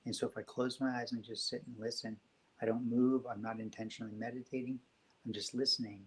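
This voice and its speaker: A man talks in a soft, gentle way, taking his time over each thought. He sounds reflective and sincere, a guest in a quiet spiritual conversation, with a voice of ordinary male pitch. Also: level tone, fast, low-quality recording. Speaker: podcast guest.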